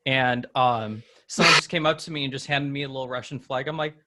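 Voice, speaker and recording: A man hosting a podcast, chatting casually and telling animated travel stories, acting out the people he quotes. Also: mid-range voice, a little fast, very noisy. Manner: many fillers and restarts. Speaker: podcast host. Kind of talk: casual conversation.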